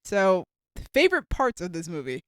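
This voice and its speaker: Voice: medium pitch, wildly swooping pitch, normal speed, a bit bright, clean tone, no room sound, clean studio sound. A co-host of a casual movie review podcast, talking things through thoughtfully with lots of "like". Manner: thoughtful, hedging with "like".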